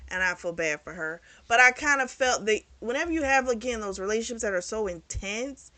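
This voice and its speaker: Bright, chatty, profane book reviewer. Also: medium pitch, animated, fairly quick, no echo. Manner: candid and profane, chatty storytelling. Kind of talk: casual book review retelling a plot.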